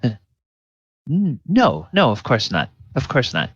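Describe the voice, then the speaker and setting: A woman's voice: a bass voice, takes it slowly, no room sound, highs cut off. A man voicing a prim, flustered woman clerk who is fussy about documents, talking hesitantly with stammers in a tabletop game.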